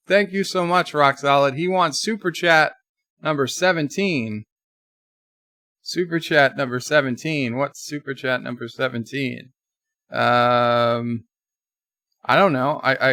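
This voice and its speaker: A livestream host reads viewer comments aloud, sounding chatty and exasperated. His voice is on the high side and sharp, captured in clean studio quality with no echo.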